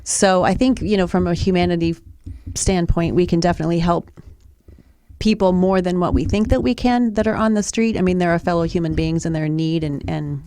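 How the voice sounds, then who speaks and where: A woman's voice: on the low side, steady tone, a little fast, mellow, clean tone, dry recording. A woman co-hosting a podcast, telling a personal story in casual chat, rambling with frequent restarts and fillers. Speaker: podcast co-host. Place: podcast studio.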